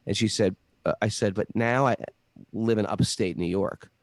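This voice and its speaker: A middle-aged man tells a winding personal story in a casual, animated way, often restarting his sentences. His voice sits low with a gravelly edge, and the sound is dry and close. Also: normal speed, no room sound. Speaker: guest telling a story.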